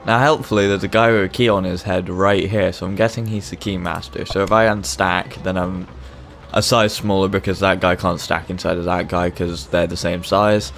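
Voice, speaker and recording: A man's voice: low-pitched, steady tone, normal speed, creaky, a bit bright, a little hiss or hum. A man giving casual, joking, rambling commentary while playing a video game. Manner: joking, rambling, self-deprecating. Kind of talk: casual let's-play commentary.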